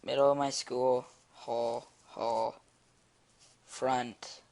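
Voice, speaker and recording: A teenage boy telling a story in a casual vlog, rambling and excitable, with many fillers. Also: medium pitch, drawn-out words. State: eating while talking. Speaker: vlogger. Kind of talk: casual storytelling while drawing.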